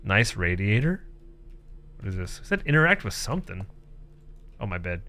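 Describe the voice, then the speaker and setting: A man's voice: fairly low pitch, very animated, normal speed, sharp tone. A man doing comedic commentary while playing a horror game, joking, sarcastic, laughing often and reading the game's text aloud. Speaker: gaming streamer.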